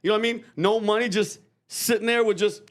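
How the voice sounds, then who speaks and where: A man's voice: sits high, fairly even intonation, fast talker, natural voice. A man playing a politician who fakes street-tough slang in a comedy sketch, boasting and asking "you feel me" again and again. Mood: boastful.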